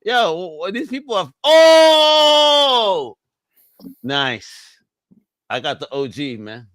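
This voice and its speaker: A man co-hosting a podcast, chatting casually and excitably with plenty of swearing. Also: medium pitch, a little slow, no echo. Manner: animated, profane, excitable. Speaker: podcast co-host. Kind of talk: casual chat.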